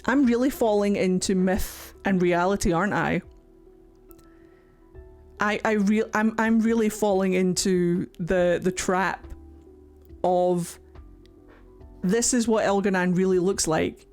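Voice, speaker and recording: A young woman giving casual reaction commentary, mocking and excitable, who swings between shrieks and low grumbles and swears a lot. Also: takes it slowly, pauses often, soft background music. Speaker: streamer reacting to a game.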